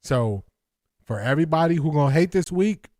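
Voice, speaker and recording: A man hosting a live watch-party stream, excitable and out of breath, laughing often and calling his viewers y'all. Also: a little high, a little fast, dry recording, clean studio sound.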